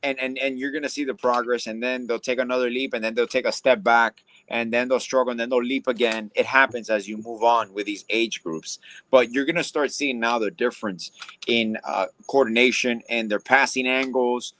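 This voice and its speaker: A man co-hosting a sports talk stream, mostly giving short agreeing replies and then calm advice about kids' development. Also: medium pitch, moderate pace. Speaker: podcast co-host. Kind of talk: casual sports chat.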